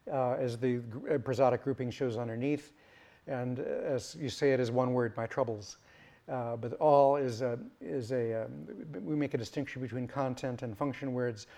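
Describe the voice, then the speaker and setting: A male lecturer talking through an academic point at a middle pitch. He stops and restarts often and fills the gaps with ums and uhs. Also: darkish tone. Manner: halting, many fillers and restarts.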